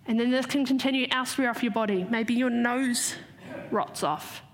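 A woman giving a sermon, retelling a story and slowing down to stress key points. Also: on the high side. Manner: storytelling, slows for emphasis. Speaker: preacher.

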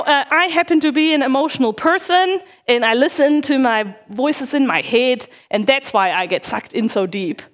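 A middle-aged woman talks through an informal sermon in a fairly high voice. She is chatty and self-deprecating, often pausing on little fillers as she tells stories from her own life. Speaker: parish worker giving a talk.

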